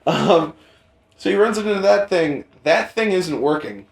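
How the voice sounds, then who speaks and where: Young male podcast host, rambling and profane storyteller, slightly high, echoey room. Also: unhurried, creaky. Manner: rambling, profane, animated in quoted voices. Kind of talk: casual storytelling chat. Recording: roomy echo.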